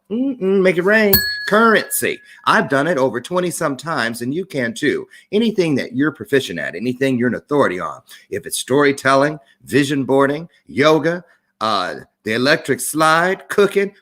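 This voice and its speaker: A man's voice: medium pitch, fairly bright tone. A middle-aged man hosting a live-streamed talk show, chatty and playful with jokey asides.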